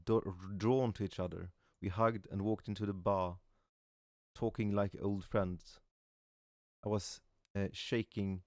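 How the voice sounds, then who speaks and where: Smooth low-voiced man reading memes. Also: no echo, clean studio sound. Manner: reads aloud with frequent stumbles and soft "aw" reactions. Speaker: voice actor reading memes aloud. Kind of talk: casual meme reading with reactions.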